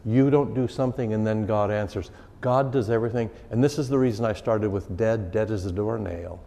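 Brisk and dark-toned, with a voice on the low side, a pastor holds an informal catechism class, speaking conversationally and repeating key phrases for emphasis. Long hall reverb surrounds the recording.

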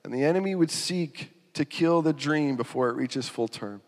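A man preaching a sermon. He talks in an animated way, laughs, and acts out quotes in sudden loud, high bursts. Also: normal speed. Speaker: pastor. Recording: reverberant hall.

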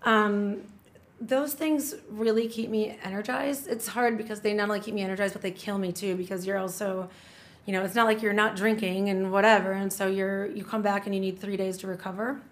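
A woman's voice: medium pitch, fairly even intonation, fairly quick. A middle-aged woman in casual podcast conversation, chatty and enthusiastic, often restarting her sentences. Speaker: guest.

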